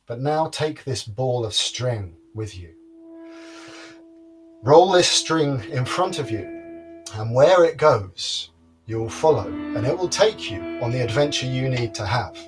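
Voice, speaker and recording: A man's voice: mid-range voice, expressive, slow pace, pauses often, soft background music. A man playing a frank, teasing old woman who becomes a mentor in a folktale telling. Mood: encouraging.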